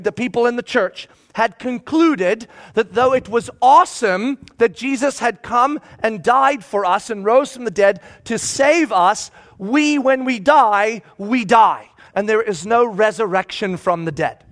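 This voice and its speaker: High-voiced man preaching with emphasis. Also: a little slow, hardly any pauses, fairly bright tone. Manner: emphatic, repeats key phrases for force. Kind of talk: sermon, teaching through scripture.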